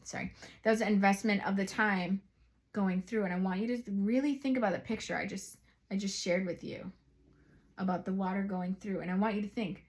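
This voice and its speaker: A woman gives a psychic tarot reading and talks directly to her viewers. She is chatty and excitable, breaking off into rambling asides before coming back to the cards. Her voice sits at an ordinary middle pitch. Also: fairly quick. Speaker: psychic reader.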